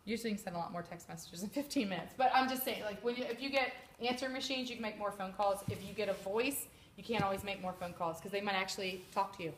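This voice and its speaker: A woman giving a chatty, animated sales training talk to a live group, sometimes acting out customers' voices. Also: mid-range voice, fast, few pauses. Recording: echoey room with background noise.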